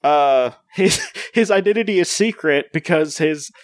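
A man's voice: a little high, lively intonation, measured pace, no echo. Rambling, filler-heavy man on a podcast. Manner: rambling, full of "like" fillers and restarts. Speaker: podcast co-host. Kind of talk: casual chat.

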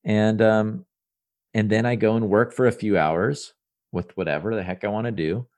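Low-voiced man rambling through restarts. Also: steady tone, moderate pace, a little mellow. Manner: rambling, with many restarts and repeated words; earnest and upbeat about his work. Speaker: entrepreneur guest. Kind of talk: casual podcast interview.

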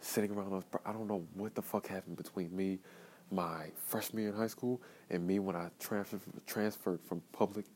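A young man from Georgia with a deep, low voice talks alone on his podcast in a raw, profane ramble. He drifts between quiet muttering and sudden loud outbursts. A faint hum of the room sits behind him. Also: steady tone, moderate pace, rough recording. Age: young adult. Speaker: podcast host. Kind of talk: raw solo podcast monologue.

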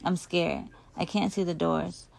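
Woman, audiobook reader, low voice, heavy vocal fry, expressive first-person storytelling. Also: measured pace. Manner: emotive, raises volume for shouted lines.

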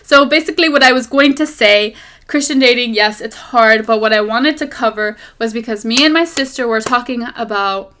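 A woman hosting a podcast, chatting casually about faith and dating in a rambling, animated way, recorded as a phone voice memo. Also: on the high side, moderate pace, slight background noise. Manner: rambling and animated, drifting off topic, lots of fillers. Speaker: podcast host.

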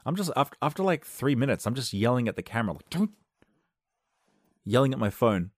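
A man doing a rambling comic monologue into a close microphone, wry and self-interrupting, with sudden loud outbursts. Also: medium pitch, expressive, quick pace, dry recording. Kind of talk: comedic podcast monologue. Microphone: close studio microphone.

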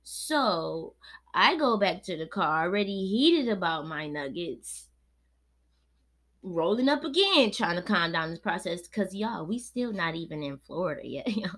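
Profane, animated young woman storyteller. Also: fairly low pitch, measured pace. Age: 20s. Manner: animated, profane, swinging between laid-back and heated. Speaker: podcast host. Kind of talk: casual storytelling monologue.

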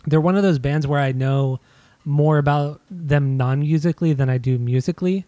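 A man's voice: fairly high pitch, moderate pace, warm tone, no echo. A man co-hosting a casual music discussion, insistent and restarting his sentences often. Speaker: podcast co-host.

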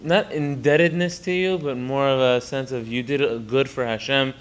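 A man's steady, clear and resonant voice, at a moderate pace, leads a Torah text study lesson line by line. He repeatedly stops to restart phrases, and his voice climbs in pitch and loudness on key points.

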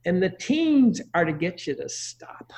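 Crude joking middle-aged man, gravelly. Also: sits high, big pitch swings, measured pace, darkish tone. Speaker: guest giving parenting advice. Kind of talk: casual conversation.

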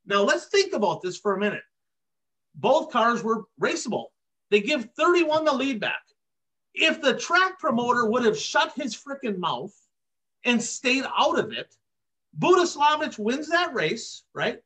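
A man's voice: high-pitched, fairly bright tone, breathy edge. A man hosting a racing podcast, ranting emphatically in casual commentary and hammering his points with repeated catchphrases. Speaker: podcast host. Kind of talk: heated casual commentary on dirt track racing.

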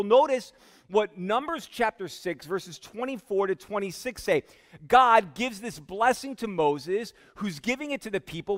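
A man with a high voice preaching in a church sanctuary, slow and emphatic, sinking to a hush on his key words. His words linger in a long hall reverb. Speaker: pastor. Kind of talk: sermon.

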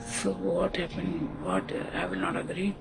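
Gravelly, lively Indian English storyteller. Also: medium pitch, crowd noise. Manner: halting, restarts often, switches into Hindi. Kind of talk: casual spoken storytelling, acting out dialogue. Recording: music playing behind the voice.

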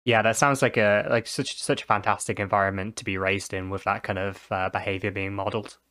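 A man's voice: on the low side, little pitch movement, brisk, bright, forceful tone, dry recording. A male interviewer asking questions and affirming his guest in a casual chat.

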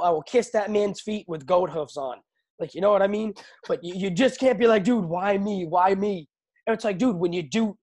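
Young male host, higher pitch, casual animated fight talk, laughs a lot, stammers. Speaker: podcast host. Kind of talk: casual chat about fights.

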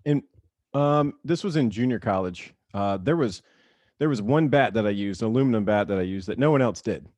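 Animated man telling ballplayer stories. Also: lowish voice, a little fast, no room sound. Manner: animated storyteller, acts out quotes, laughs often. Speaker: guest, former baseball player. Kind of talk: casual interview storytelling.

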